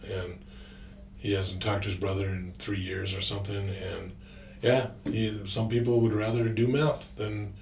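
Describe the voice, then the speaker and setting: A man's voice: on the low side, little pitch movement, measured pace, vocal fry, a little mellow, reverberant, distant mic, a little hiss or hum. A man casually telling a rambling, profane personal story, full of fillers and restarts.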